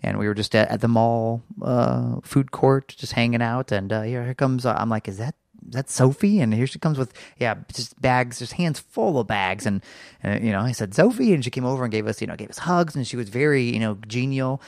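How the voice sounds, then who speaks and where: A man's voice: medium pitch, a little fast, gravelly, no room sound, studio quality. A man co-hosting a casual podcast, telling stories in a rambling way and often repeating his words. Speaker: podcast co-host.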